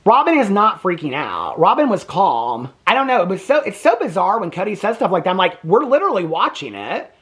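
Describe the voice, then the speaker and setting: A man's voice: high-pitched, very animated, a little fast, few pauses, fairly bright tone. Male reaction vlogger, casual, rambling, sassy and profane. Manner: chatty, rambling, sassy, swears freely.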